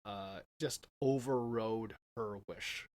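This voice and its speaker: A man's voice: lowish voice, slow, darkish tone. A man co-hosting a podcast, chatting casually and agreeably, with hesitant restarts. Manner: agreeable, frequent "mm-hmm" backchannels, hesitant restarts. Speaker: podcast co-host. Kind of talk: casual chat.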